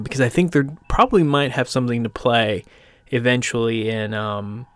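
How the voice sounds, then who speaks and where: A podcast host from the United States talks in a casual, rambling way, cracking self-deprecating jokes and using lots of fillers. His voice is mid-range and the recording is dry.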